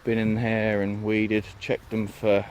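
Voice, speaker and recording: A man's voice: on the low side, monotone, slow pace, a little hiss or hum. A man giving a rambling, chatty tour of his allotment outdoors, full of ums and asides. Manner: rambling, chatty, lots of ums and "you know what I mean". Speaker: allotment vlogger. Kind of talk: casual walk-and-talk vlog.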